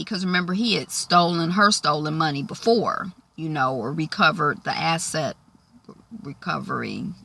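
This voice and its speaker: A woman recapping a TV episode in a chatty, animated way, full of fillers. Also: sits low, normal speed, gravelly. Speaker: show recapper. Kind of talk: casual TV recap.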